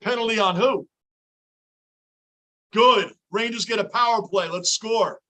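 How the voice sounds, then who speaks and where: Male stream host, high pitch, sharp tone, intense fan ranting live from a home basement. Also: a little slow. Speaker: livestream host. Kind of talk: live sports reaction commentary.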